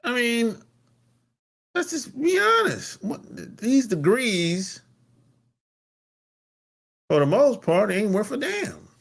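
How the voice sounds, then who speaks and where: A man's voice: big pitch swings, takes it slowly, vocal fry, pauses often. A man hosting a podcast, talking bluntly and emphatically, with a lot of profanity. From North America. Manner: blunt, profane and emphatic, with sudden pitch jumps. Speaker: podcast host. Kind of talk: casual monologue.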